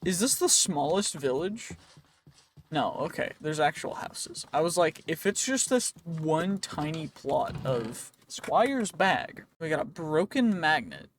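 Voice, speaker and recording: A man's voice: fairly high pitch, very animated, slow pace. A man hosting a let's play, talking to himself in a rambling, playful way as he goes, his voice a bit worn. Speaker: gaming channel host.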